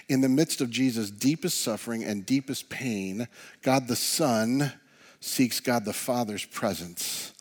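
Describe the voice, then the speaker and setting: Earnest male pastor preaching softly. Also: medium pitch. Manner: earnest, drops to a soft hush on key words. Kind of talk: sermon.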